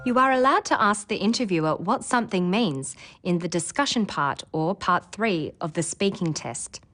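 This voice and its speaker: Lively woman narrating an English lesson. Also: mid-range voice, faint music behind. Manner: clear, measured explanations. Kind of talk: scripted instructional narration.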